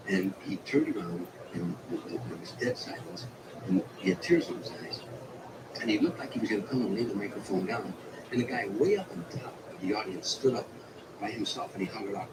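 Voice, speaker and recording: A man, an entertainer, telling a long anecdote about a night on tour in a slow, vivid way. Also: on the low side, animated, far from the mic, very noisy. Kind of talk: storytelling anecdote.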